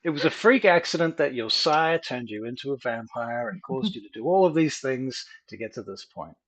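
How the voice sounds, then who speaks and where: A man running a tabletop role-playing game as game master, casual and joking, slowing down to set scenes. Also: medium pitch, animated. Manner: casual, joking, with slow vivid scene-setting.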